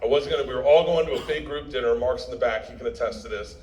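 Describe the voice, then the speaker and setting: Talking very fast in a medium-pitched voice, the comedian rattles off rowdy, foul-mouthed stories to the premiere audience and laughs as he goes. The sound quality is poor.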